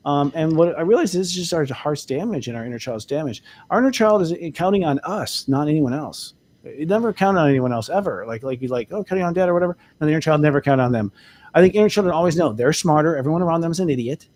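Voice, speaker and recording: A man's voice: fairly high pitch, lively intonation, quick pace, darkish tone. A man co-hosting a casual spiritual talk show, speaking candidly as an astrologer and laughing often. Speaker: co-host, astrologer.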